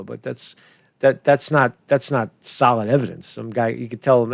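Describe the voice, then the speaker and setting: A man's voice: medium pitch, normal speed, gravelly, darkish tone, no echo. A man rambling through political commentary in a casual vlog, swearing, chuckling and restarting his sentences while he keeps asking "right?".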